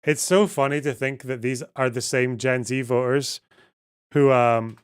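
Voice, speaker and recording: A man streamer with a Scottish lilt, talking loosely to his viewers at a mid-level pitch. He is blunt and sarcastic, and he swears freely as he reacts to chat messages. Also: fairly even intonation, unhurried, clean tone. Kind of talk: casual livestream chat reading.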